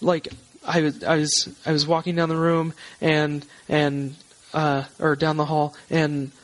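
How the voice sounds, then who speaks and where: A man's voice: a little high, monotone, measured pace, natural voice. Man playing a crying young woman, pleading. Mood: frantic. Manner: pleading, breathless, stammering repeats. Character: distressed crying young woman, about twenty.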